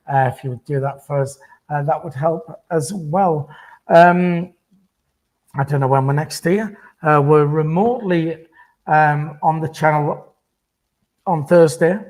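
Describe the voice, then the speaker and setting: A man rambles through a casual post-match sign-off. His voice sits a touch high, and he fills his sentences with ums and false starts as he asks for likes and subscribes. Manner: rambling with many fillers. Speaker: fan channel host.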